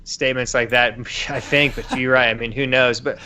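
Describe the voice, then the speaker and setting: Bright, chatty man on a call. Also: medium pitch, little pitch movement, normal speed, slight background noise. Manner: chatty, laughs while talking. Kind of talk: casual chat.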